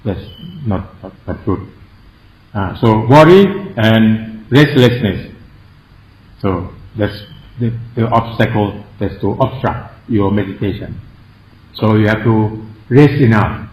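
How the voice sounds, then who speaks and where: A man with a Thai accent, a native Thai speaker, teaching a meditation class, explaining words slowly and spelling them out, joking at his own expense and chuckling often. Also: on the low side, darkish tone. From Thailand. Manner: self-mocking humor, chuckles often. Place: meditation hall. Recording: echoey room, dull lo-fi sound.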